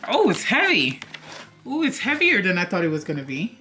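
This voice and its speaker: A woman's voice: mid-range voice, wildly swooping pitch, normal speed, noisy background. A young woman vlogging a dramatic unboxing, theatrical and sassy, chatting straight to her viewers.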